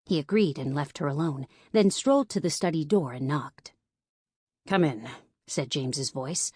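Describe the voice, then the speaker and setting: A woman narrating an audiobook in an even, clear storytelling manner. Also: sits low, normal speed, no echo, studio quality. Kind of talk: scripted narration.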